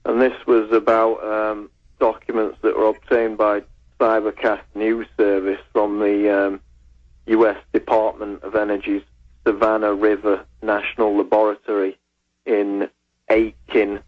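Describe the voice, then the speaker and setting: Calm man on a muffled phone line. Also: fairly low pitch. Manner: calm, measured explaining. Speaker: researcher and writer, guest. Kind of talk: call-in radio discussion.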